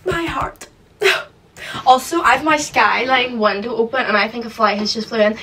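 A woman's voice: on the high side, moderate pace, pushed and bright, recorded from a distance. A young woman hosting a casual reaction video from a room at home, chatty and emotional as she gushes over what she watches. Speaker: reaction channel host. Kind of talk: casual reaction vlog chat. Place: room at home with skylight window.

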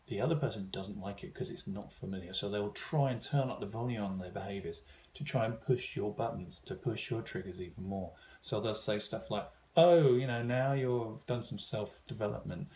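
A man's voice: lowish voice, a little mellow. A man giving an informal seminar talk, thoughtful, with frequent fillers and restarts. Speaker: seminar speaker.

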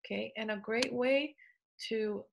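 Teacher lady w/ a gravelly voice asking the kids questions, lots of ums and okays. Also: a little high, measured pace, noisy background. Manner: questioning, encouraging, with fillers. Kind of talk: online lesson for children.

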